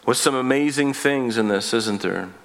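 A man's voice: mid-range voice, normal speed, creaky, a bit bright, in a large hall, poor audio. A man preaching a sermon as a pastor, reading scripture aloud and then explaining it with conversational asides. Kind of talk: expository sermon. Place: church sanctuary.

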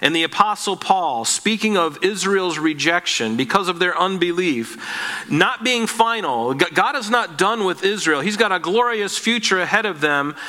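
A man's voice: sits high, expressive, normal speed, sharp tone. A male pastor giving an expository sermon, teaching earnestly and asking his listeners rhetorical questions.

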